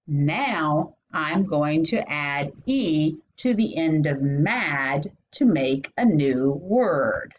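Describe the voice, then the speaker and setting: A woman with a fairly low voice teaches a phonics lesson at a very slow, deliberate pace. She stretches out each vowel sound and lifts her pitch when she asks a question. The recording sounds dull and lo-fi. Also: animated.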